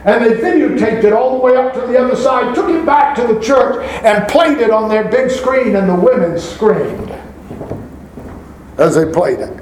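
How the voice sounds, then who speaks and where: A pastor, a man with a notably high-pitched voice, delivers a sermon. He reads scripture aloud and keeps turning to the congregation with rhetorical questions. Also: animated, normal speed, darkish tone, a little hiss or hum, rough recording.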